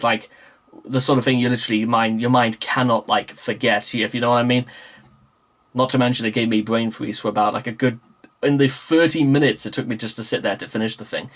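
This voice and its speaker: A man's voice: mid-range voice, a bit bright. A young man rambles casually through a vlog, full of fillers and restarts, recorded in a small room. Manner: meandering, full of fillers and self-corrections. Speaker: vlogger. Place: small room with a green screen.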